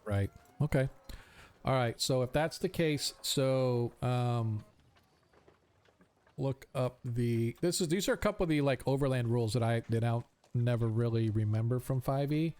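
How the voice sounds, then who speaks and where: Man as tabletop game master, smooth tone, explains rules and fills pauses with ums. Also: medium pitch, darkish tone. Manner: thinking aloud, many ums.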